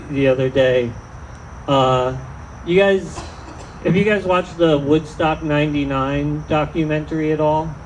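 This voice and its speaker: Over slight background noise and poor audio, a man with a somewhat high voice rambles through a self-deprecating stand-up set in an outdoor tent. The comedian often trails off mid-thought.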